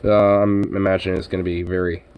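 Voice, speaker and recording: A man's voice: low-pitched, little pitch movement, fast, dull audio, slight background noise. A man streaming live and chatting casually, rambling with many fillers and frequent swearing.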